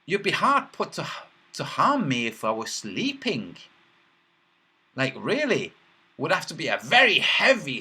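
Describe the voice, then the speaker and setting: Husky, lively man streaming. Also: fairly high pitch. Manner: rambling and mocking, with many filler sounds. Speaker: livestream host reading chat. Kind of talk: casual livestream chat.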